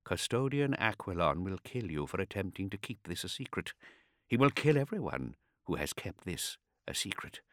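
A man voicing a nervous, courtly old male astropath who speaks slowly and softly in a measured way. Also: deep voice, sing-song, no echo, studio quality. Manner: slow, soft and measured, courtly.

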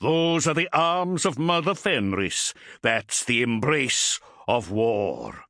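A man voicing a proud, fierce male warrior captain who roars his words slowly and with a raised pitch. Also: animated, sharp tone, dry recording, clean studio sound. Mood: fierce pride. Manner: slow, booming, raised pitch.

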